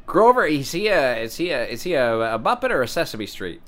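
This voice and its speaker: A man's voice: mid-range voice, very animated, brisk, a bit bright. A man hosting an improvised comedy bit, rambling and provocative, stammering through lots of fillers. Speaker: comedy show host.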